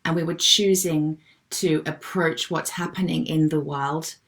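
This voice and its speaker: Low, gravelly-voiced woman coach. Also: fairly even intonation, a little slow. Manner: gentle, affectionate, calls people darling. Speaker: wellbeing coach hosting a live session. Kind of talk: live-streamed chat reading out viewer comments.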